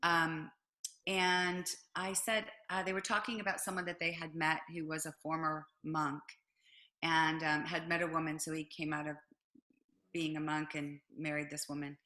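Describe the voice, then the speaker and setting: A middle-aged woman, a business owner appearing as an interview guest, tells a personal story in an animated way, acting out quotes and using lots of fillers. Her voice is low-pitched and her speed is normal.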